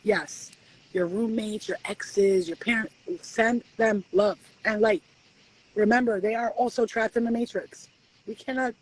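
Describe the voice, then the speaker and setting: A woman hosting a live stream as a spiritual reader, giving a swearing, preachy pep talk that swoops in pitch and slows for stress. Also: low-quality recording. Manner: profane, preachy, animated.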